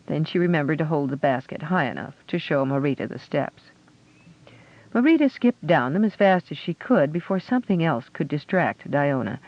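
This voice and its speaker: A man narrating a fantasy audiobook with a steady storytelling delivery. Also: fairly high pitch, moderate pace, no echo. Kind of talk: scripted narration. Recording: dull lo-fi audio.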